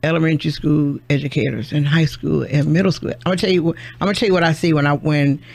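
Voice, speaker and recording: A man's voice: on the high side, steady tone, fast, creaky. A man hosting a radio talk show, chatting casually and backing up his guest with short replies. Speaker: radio host.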